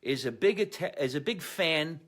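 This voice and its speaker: A man's voice: a little high, lively intonation, moderate pace, fairly bright tone. A man hosting a comedy podcast from a home basement, rambling through sponsor plugs and stories in a chatty, salesman-like way.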